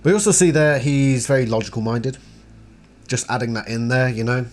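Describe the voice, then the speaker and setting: A man giving a casual book analysis and reading passages aloud, chatty and expressive. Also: mid-range voice, moderate pace. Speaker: book series reviewer.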